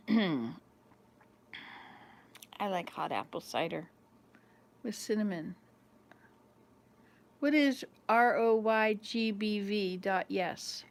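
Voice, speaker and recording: Her medium-pitched voice is expressive, with drawn-out words and long pauses. The woman, in her fifties, hosts a vlog where she rambles through home stories to a small camera, laughing frequently.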